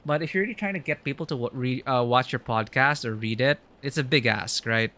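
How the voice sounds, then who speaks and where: A man's voice: mid-range voice, brisk, hardly any pauses, bright, forceful tone. A male streamer in casual let's-play commentary, chatty and rambling, with many "like" asides.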